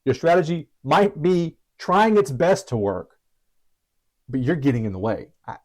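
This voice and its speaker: A trading educator with a fairly high voice and lively intonation teaches trading strategies at a measured pace, casual and chatty, poking fun at himself and often restarting or going off on asides. The recording is rough.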